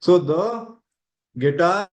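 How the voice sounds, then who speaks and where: A man's voice: high-pitched, animated, slow pace, low-quality recording. A man teaching an online grammar class, encouraging students and checking with "right?".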